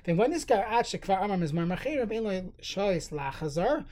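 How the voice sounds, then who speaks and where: A man giving a halacha lesson, reading Hebrew text aloud and then explaining it in plain English, at a steady teaching pace. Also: high-pitched, fairly quick. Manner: steady explanatory tone with fillers and restarts. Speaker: Torah teacher.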